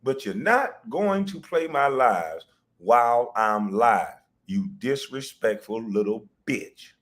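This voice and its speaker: A man's voice: mid-range voice, sing-song, normal speed, a bit bright. A man hosting a livestream, ranting profanely and mockingly, breaking into laughter. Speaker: livestream host. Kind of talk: profane comedic rant.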